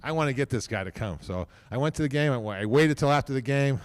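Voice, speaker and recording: A man's voice: mid-range voice, animated, quick pace, clear, resonant tone. Folksy older man. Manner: rambling, folksy, repeats "okay?" and phrases. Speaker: team owner speaking at a hall of fame ceremony. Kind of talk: casual off-the-cuff speech.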